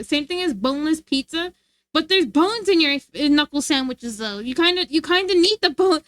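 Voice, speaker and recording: A woman's voice: very high voice, animated, normal speed, a bit bright, no echo. A woman streamer chatting casually and playfully with her live chat, laughing often.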